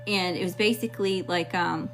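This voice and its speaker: A woman's voice: fairly low pitch, fairly even intonation, moderate pace, soft background music. A woman from Mississippi with a Southern accent giving a casual tarot reading to her viewers, talking in a sassy, blunt and profane way. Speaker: tarot reader.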